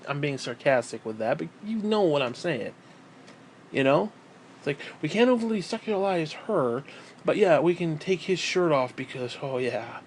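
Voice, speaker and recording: A man on a gaming channel delivers a heated, profanity-laden rant with a voice sitting a bit high for a man. He keeps repeating the same curses for emphasis and slips into mocking voices to imitate the people he is attacking. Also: slight background noise. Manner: mocking put-on quotes. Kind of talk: angry rant.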